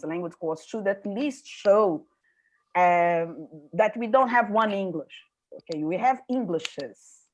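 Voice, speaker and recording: A woman's voice: medium pitch, slight background noise, poor audio. An older woman speaking as a panelist, reflective and often checking in with the listener. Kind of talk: panel discussion.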